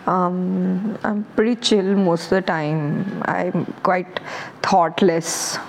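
A woman's voice: on the low side, fairly even intonation, slow, gravelly, a little hiss or hum, rough recording. A woman hosting her own podcast, talking on her own in a candid, rambling, self-reflective way. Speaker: podcast host. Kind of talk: casual solo podcast monologue.

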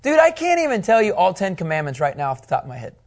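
A man teaching a Bible class, animated and asking his students questions as he goes. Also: sits high, fast.

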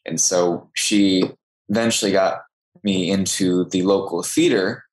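A man's voice: low voice, steady tone, a little slow, rough recording. A young man from Texas, an actor, telling stories in a casual interview with a chatty, self-deprecating manner. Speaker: guest actor.

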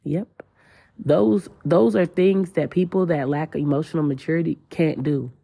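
A woman's voice: low voice, unhurried, vocal fry, warm tone, husky. A woman hosting a spiritual podcast, talking in a casual, emotional and slangy way, often repeating herself. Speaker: podcast host.

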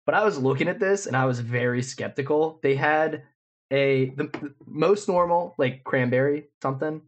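A man's voice: fairly high pitch, normal speed, muffled recording. A man in his twenties, co-hosting a podcast, rambling through a casual story full of fillers. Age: 20s. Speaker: podcast co-host. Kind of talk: casual chat.

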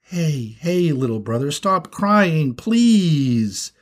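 A man's voice: mid-range voice, sing-song, measured pace, breathy edge, full character voice. A man voicing a young male skunk, a patient big brother who turns frantic when his little brother strays, in a storybook reading. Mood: coaxing.

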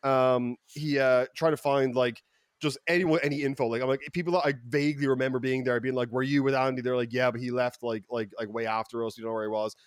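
A man with an Irish accent telling a story on a podcast in a lively, profane way, acting out the people he quotes. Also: medium pitch, fast talker, clear, resonant tone, no echo, clean studio sound. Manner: animated, profane, quotes people in mock voices. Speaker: podcast regular. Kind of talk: casual storytelling. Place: podcast studio.

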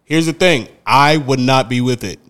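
Bright-voiced young man telling stories. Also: medium pitch, moderate pace, clean tone. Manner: animated storytelling, slangy and profane. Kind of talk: casual chat.

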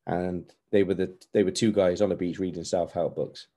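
A man in his forties talks straight to his podcast listeners in a low, dark, mellow voice. He is earnest and candid, and he hammers points home with repeated phrases. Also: fairly even intonation, moderate pace. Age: 40s. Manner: earnest, candid, repetitive emphasis. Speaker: podcast host. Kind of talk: motivational podcast monologue.

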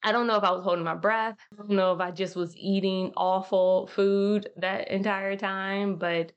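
A woman's voice: medium pitch, fairly even intonation, moderate pace, smooth, dull audio. A woman hosting her own podcast, talking to listeners in a casual, slangy way. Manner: slangy, chatty, addresses listeners as y'all. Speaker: podcast host. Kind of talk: casual solo podcast monologue.

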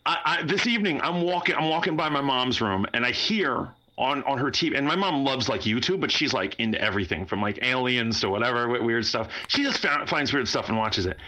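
Lively laughing male podcast host. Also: medium pitch, brisk, hardly any pauses. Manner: rambling, laughs often, self-mocking. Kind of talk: casual podcast chat.

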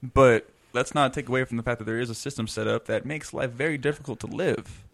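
A man telling a story in casual, profane podcast chat, acting out quotes loudly and swearing constantly. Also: medium pitch, fairly even intonation, brisk, vocal fry. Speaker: comedian podcast co-host.

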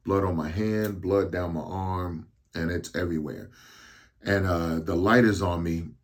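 A man in his thirties, hosting a podcast, tells a personal story slowly and haltingly because he is on medication, with frequent restarts. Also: sits low. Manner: slow, halting delivery with restarts. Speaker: podcast host.

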